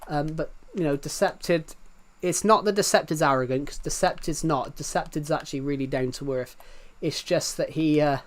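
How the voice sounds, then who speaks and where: A young Englishman with an English accent chats casually to his live viewers, rambling in circles and repeating himself. His voice is fairly high, his pace moderate, with hardly any pauses.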